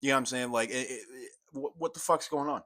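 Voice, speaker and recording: A young man giving a profane, exasperated commentary rant, swinging from low mutters to loud outbursts. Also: quick pace. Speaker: commentary YouTuber. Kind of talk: ranting commentary.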